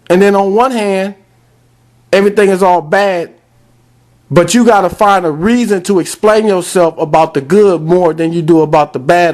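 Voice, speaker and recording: A man hosting a sports talk podcast, ranting bluntly and calling out directly to fans. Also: high-pitched. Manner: fired-up, addresses fans directly; blunt, repetitive scolding. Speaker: podcast host.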